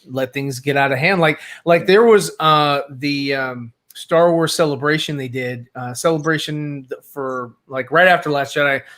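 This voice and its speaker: A man with a slightly high voice chatting casually about films. He talks in loose, halting runs full of uh's and restarts. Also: fairly bright tone. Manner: rambling, hesitant with many uh's. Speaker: podcast co-host. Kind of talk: casual movie chat.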